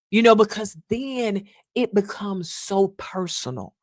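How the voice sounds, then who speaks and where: A woman's voice: mid-range voice, big pitch swings, takes it slowly, few pauses, darkish tone, no echo, clean studio sound. A woman hosting a podcast in an earnest, casual monologue, calling listeners "y'all" and acting out little quotes. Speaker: podcast host.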